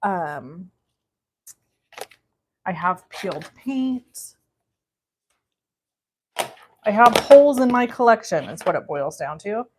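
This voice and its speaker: A woman in her forties hosts a live crafting session from her home craft room. She talks to her viewers in an easy, chatty way and takes her time, letting her words come slowly. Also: mid-range voice, very animated, noisy background. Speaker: card-making host.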